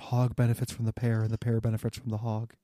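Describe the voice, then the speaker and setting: Deadpan man on a comedy podcast. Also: mid-range voice, fast talker, no echo. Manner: dry, deadpan delivery. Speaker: podcast co-host. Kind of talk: casual comedic chat.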